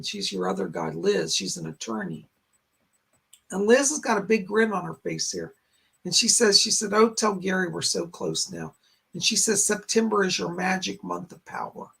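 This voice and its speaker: Hoarse, gravelly-voiced male psychic host. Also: high-pitched, fairly bright tone. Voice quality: raspy. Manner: short halting phrases, relaying spirit messages. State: strained, hoarse voice. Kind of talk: live-stream chat and readings. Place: home in a rural area.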